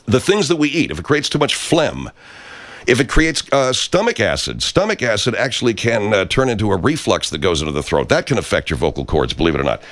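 A man hosting a comedy sketch, talking in an exasperated, animated, interrupting way. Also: lowish voice, a little fast.

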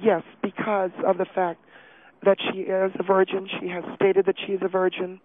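A prim, distraught middle-aged wife, put on by a man, pours out a self-pitying confession in a halting, breathless voice. Her voice sits high and comes through a thin, phone-like line. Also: monotone, a little hiss or hum, lightly acted. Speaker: caller.

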